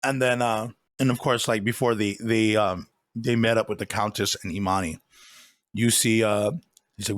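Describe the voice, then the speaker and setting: A man's voice: on the low side, fairly even intonation, moderate pace, a bit bright, no echo, studio quality. A man co-hosting a podcast, chatting casually about a movie, rambling and laughing as he retells scenes. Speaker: podcast co-host. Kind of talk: casual movie review chat.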